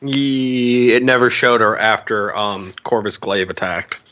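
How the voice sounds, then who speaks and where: A man's voice: lowish voice, a little slow, bright, forceful tone, highs cut off. A man co-hosting a podcast as the comics expert, chiming in with short matter-of-fact remarks. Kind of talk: casual podcast chat.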